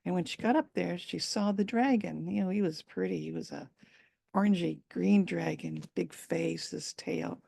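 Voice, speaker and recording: A woman storyteller telling a folk tale at a live event, unhurried, with fillers and asides. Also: lowish voice, creaky, warm tone, slightly rough, no echo.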